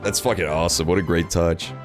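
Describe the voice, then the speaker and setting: While playing a courtroom game on stream, this young man rambles and cracks crude jokes in casual let's-play style. He has a deep voice, a steady tone, and a quick pace. Faint game music sits under a dry room recording.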